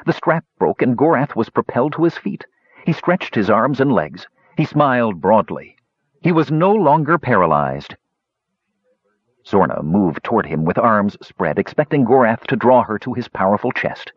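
Husky man narrating a story. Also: mid-range voice, sing-song, normal speed, no room sound. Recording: dull dry lo-fi recording.

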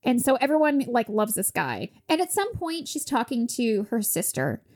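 High-voiced woman recapping a film. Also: moderate pace. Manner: animated storytelling, acting out characters' lines. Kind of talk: casual chat recapping a movie.

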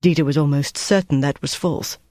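Measured audiobook narrator, dry sound. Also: medium pitch, steady tone, dark tone, no echo. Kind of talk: scripted narration.

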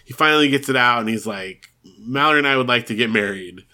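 A man's voice: medium pitch, quick pace, pushed and bright. A man co-hosting a podcast, casually recapping a TV episode, laughing often and acting out the characters' lines. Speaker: podcast co-host.

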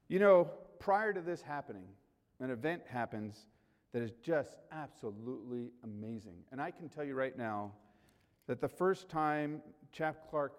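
A man preaching a sermon in a church, animated, swinging between loud calls and quiet asides, joking with the congregation. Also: mid-range voice. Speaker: pastor. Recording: hall reverb.

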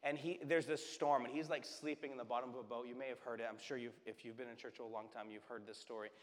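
A man preaching a conversational sermon as pastor, acting out quoted voices and dropping softly for the words of God. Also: mid-range voice, fairly even intonation, fast, long reverb tail. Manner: conversational, acts out quoted voices, drops to soft whispers for God's words. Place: church sanctuary.

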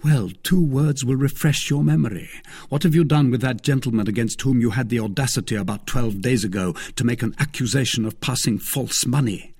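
A man voicing an impetuous young male swordsman in a storybook reading, speaking forcefully and insistently. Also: mid-range voice, brisk, breathy edge, no room sound, clean studio sound, voice pushed up. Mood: demanding.

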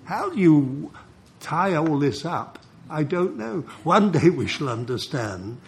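An older man preaching a sermon, telling stories in an animated way and chuckling between points. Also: on the high side, slow pace, creaky, a little hiss or hum. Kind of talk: sermon with storytelling.

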